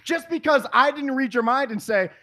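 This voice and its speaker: High-pitched man ranting in fury. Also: normal speed. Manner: yelling, exasperated, profane rants. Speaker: podcast host. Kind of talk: heated podcast argument.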